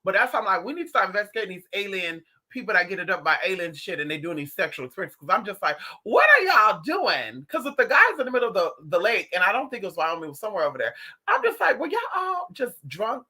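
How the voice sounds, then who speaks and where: Livestream host, animated and profane, storytelling casually to viewers. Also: medium pitch, rapid-fire. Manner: talks straight to viewers.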